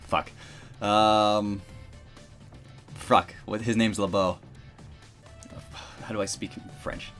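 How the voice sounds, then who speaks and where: A man's voice: lowish voice, fairly even intonation, slow, pauses often, fairly bright tone, faint music behind. A man streaming a game, casually joking about his own attempts at character voices. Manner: self-mocking, laughs at his own voices. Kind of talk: casual let's-play commentary.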